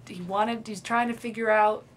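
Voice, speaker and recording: A woman's voice: mid-range voice, steady tone, moderate pace. A young woman talking into the camera in a confiding, dreamy video diary, often trailing off and restarting. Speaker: vlogger.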